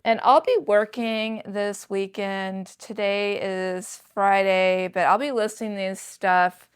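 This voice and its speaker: A woman in her sixties talks through her thrift finds in a relaxed, unhurried way. Her voice is smooth and clear, and she speaks straight to her viewers with chatty enthusiasm, like a casual home vlog. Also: medium pitch. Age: 60s. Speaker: thrift reseller vlogger.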